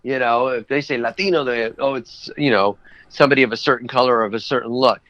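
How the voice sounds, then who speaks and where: Man, voice actor guest, bright tone, dry close sound, rambling casual chat. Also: medium pitch, steady tone, fast, no echo, dull audio. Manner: rambling, anecdotal.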